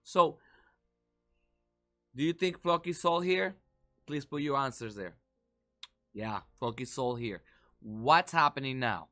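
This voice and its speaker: A man casually walking viewers through market charts, animated and talkative, acting out the panicked reactions of others. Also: medium pitch, slow pace, long pauses, faint music behind. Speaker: market commentary vlogger.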